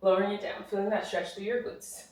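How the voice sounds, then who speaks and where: This Pilates instructor has a mid-range, darkish voice with little pitch movement, and she speaks quickly despite being winded. She leads a follow-along session with supportive cues and rep counts, and the recording, made at a distance in a reformer studio, has a roomy echo.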